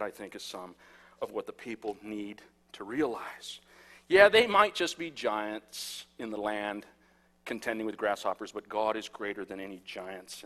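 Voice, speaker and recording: A man in his thirties, a pastor preaching a sermon and telling stories, swinging from hushed to loud. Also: on the low side. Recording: echoey hall.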